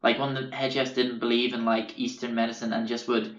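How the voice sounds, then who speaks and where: A man's voice: medium pitch, little pitch movement, a little fast, a bit bright. Irish guy rambling thru a story, cursing a lot, muffled echoey room. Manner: rambling, swears freely, self-interrupting. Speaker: podcast host. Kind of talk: casual storytelling.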